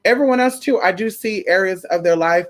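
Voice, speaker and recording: A woman's voice: mid-range voice, fairly quick. A woman hosting a casual spiritual livestream, calling her viewers honey and y'all. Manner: animated, calls viewers honey and y'all, baby talk to crystals.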